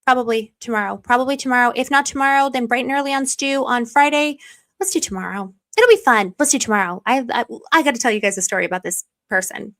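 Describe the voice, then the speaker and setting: A young adult woman hosting her own channel, chatting casually and excitedly to viewers in a rambling way, with frequent apologies and asides. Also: a little high, fast, dry recording. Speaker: channel host. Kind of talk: casual livestream chat to viewers.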